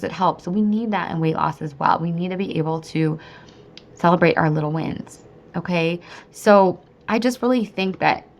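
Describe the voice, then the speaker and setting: Chatty upbeat woman podcast host. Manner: chatty and upbeat, lots of "like" and "okay", swings into high excited bursts. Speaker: podcast host and weight-loss coach. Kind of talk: solo podcast pep talk.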